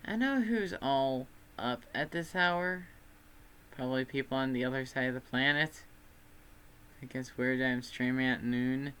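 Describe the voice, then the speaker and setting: A man's voice: mid-range voice, measured pace, bright, forceful tone, clean tone. A young man from Texas with a Texan accent, chatting casually on a livestream in a rambling, self-deprecating way. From Texas, USA. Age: student.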